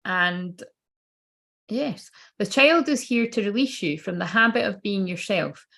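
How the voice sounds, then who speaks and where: A woman's voice: mid-range voice, animated, measured pace, gravelly, a bit bright. A woman giving a casual, rambling livestream tarot reading, swearing freely and feeling unwell and tired. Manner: chatty, swearing, rambling asides. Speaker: tarot card reader.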